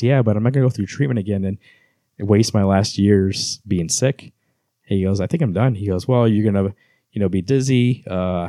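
A man's voice: lowish voice, mellow, dry recording, studio quality. A man co-hosting a casual book club podcast, retelling scenes and reading passages aloud with many fillers. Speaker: podcast co-host.

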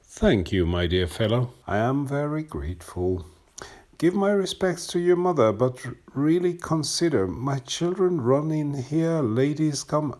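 A man's voice: fairly high pitch, expressive, unhurried, a little mellow, pitched above the performer's own voice. A man reading a story aloud, voicing a middle-aged family doctor who hesitates and mutters in embarrassment. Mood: flustered.

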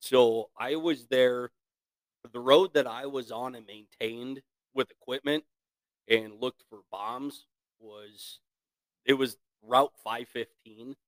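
A man's voice: medium pitch, slow, no room sound. A man in his thirties, a podcast guest telling war stories in casual chat, swearing freely and acting out what others said. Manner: profane, laughing storyteller who acts out quotes. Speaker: podcast guest, equipment operator.

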